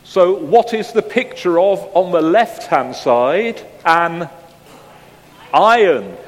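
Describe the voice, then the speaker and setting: A man preaching a sermon, chatting with the congregation through a picture quiz and putting questions to them with gentle humor. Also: high voice, lively intonation, slow pace. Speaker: pastor. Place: church. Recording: long church reverb.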